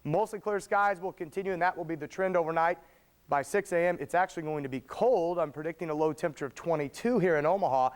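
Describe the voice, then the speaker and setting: A man delivering a live TV weather forecast as chief meteorologist, in brisk, upbeat forecaster patter. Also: a little high, smooth.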